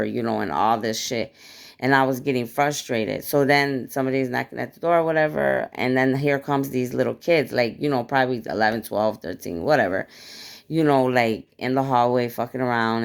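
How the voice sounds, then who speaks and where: A woman casually recounting a dream to viewers with blunt, profane, animated storytelling; her mouth is dry. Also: very deep voice, creaky, smooth. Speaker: spiritual vlogger.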